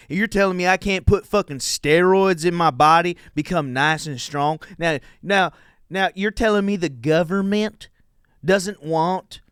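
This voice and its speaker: A loud, indignant Southern man in full rant, as a man puts him on with a put-on Southern drawl. He shouts in a voice pitched well above his own. The sound is dry and close. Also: smooth, no echo, close to an everyday voice.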